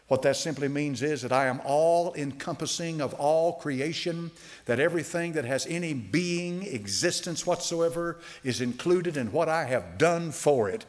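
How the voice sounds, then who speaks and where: Animated male preacher, emphatic. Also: a little high. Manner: emphatic preaching with slow drawn-out quotes; fillers and repeated restarts. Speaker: pastor. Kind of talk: sermon.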